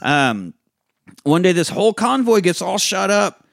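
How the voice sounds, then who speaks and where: A man's voice: high voice, a little slow, gravelly, dry recording, clean studio sound. A man co-hosting a podcast, retelling a movie in casual chat, acting out the characters' lines and swearing freely. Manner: animated, acts out characters' lines while retelling, swears a lot. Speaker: podcast co-host.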